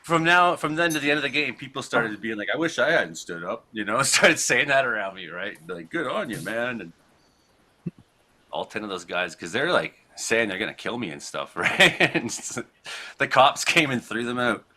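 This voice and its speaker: A man from Canada, hosting a casual talk show, telling a rambling, profane story with frequent laughs and acted-out shouted quotes. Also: mid-range voice, lively intonation, moderate pace. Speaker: podcast host.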